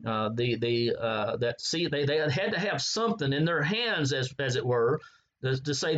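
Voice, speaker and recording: A man preaching a Bible sermon, halting often with fillers and repeated words as he reads and explains scripture. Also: mid-range voice, lively intonation, fairly bright tone, low-quality recording.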